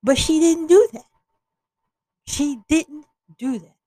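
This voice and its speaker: Woman podcaster ranting solo, fairly high voice, dry close sound, blunt n fed up. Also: takes it slowly, mellow, dry recording, poor audio. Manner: blunt, exasperated and opinionated, with frequent restarts. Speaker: podcast host. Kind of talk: opinion podcast monologue.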